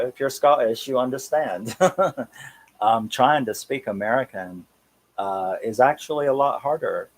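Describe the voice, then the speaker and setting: Cockney man, 30s, livestream host: lowish husky voice, rambling and chatty. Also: poor audio. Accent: Cockney English. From England. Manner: rambling, chatty, chuckles often. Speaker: horror channel host. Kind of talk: casual live-stream chat.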